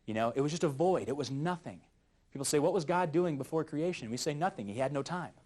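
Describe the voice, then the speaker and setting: A man teaching a youth Bible study lesson in a jokey, animated way, often chuckling at his own jokes. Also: fairly high pitch, fast.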